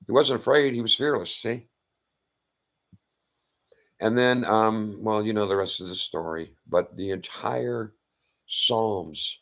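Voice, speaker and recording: Low, gravelly male storyteller: casual, animated, punchy sound effects, crude language. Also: measured pace. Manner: animated, loud sound-effect outbursts and blunt profanity. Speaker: self-styled faith speaker. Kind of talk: casual retelling of a Bible story.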